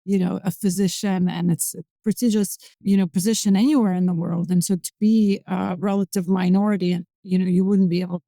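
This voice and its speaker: A woman's voice: on the low side, fairly even intonation, fairly quick, vocal fry, hardly any pauses, mellow, dry recording. A woman in her forties from Azerbaijan, a physician-scientist guest on a podcast, talking in a hesitant way with many fillers and restarts. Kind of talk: conversational interview.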